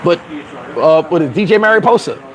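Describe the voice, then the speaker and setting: High-voiced man ranting outdoors. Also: a little fast, a crowd in the background, poor audio. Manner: emphatic, animated storytelling. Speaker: vlogger. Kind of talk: casual commentary rant.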